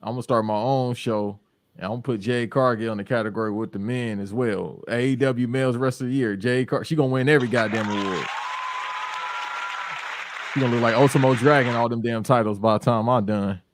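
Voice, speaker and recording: A man's voice: mid-range voice, fairly even intonation, a little fast, some chatter behind. A man co-hosting a podcast, making joking, exaggerated complaints and swearing casually. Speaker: podcast co-host.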